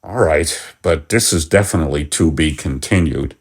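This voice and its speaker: A man doing a gruff, weary husband. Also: moderate pace, full character voice. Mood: exasperated. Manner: low, gruff and exasperated. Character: Al, a weary, pedantic middle-aged husband.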